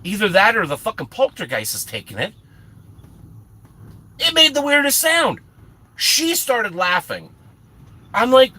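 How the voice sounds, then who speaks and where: Middle-aged male streamer, lively husky delivery, bright tone, self-mocking rambler. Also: high voice, measured pace, pauses often. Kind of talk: casual storytelling to live chat.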